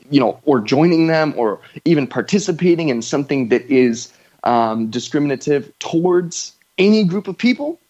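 A man's voice: on the high side, darkish tone, dull audio. A man hosting a podcast in casual conversation, talking earnestly and rambling, with frequent fillers and affirmations. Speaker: podcast host.

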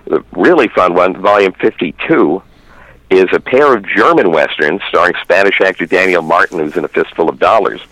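A man's voice: low-pitched, normal speed, a bit bright, no echo, poor audio. A middle-aged man calling in as a guest, chatting eagerly about western films with many fillers and restarts. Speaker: phone-in guest, western film reviewer. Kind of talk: casual chat.

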